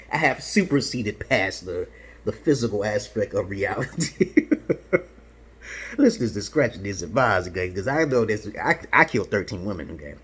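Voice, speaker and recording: Husky, animated man from Brooklyn. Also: lowish voice. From Brooklyn, New York. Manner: boastful, provocative, profane; peppers talk with "okay?". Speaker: vlogger. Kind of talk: rambling casual monologue.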